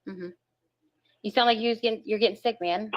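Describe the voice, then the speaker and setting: A woman's voice: medium pitch, fairly even intonation, brisk. A woman hosting a casual reaction stream, blunt and brash, with heavy swearing. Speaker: stream host. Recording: slightly muffled lo-fi audio.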